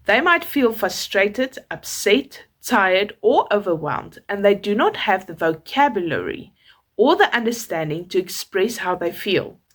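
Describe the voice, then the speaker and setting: A young woman from South Africa with a South African accent, a mother calmly reading out parenting tips in a measured, advising way. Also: mid-range voice. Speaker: parenting vlogger, mother of a toddler. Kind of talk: scripted parenting tips to camera.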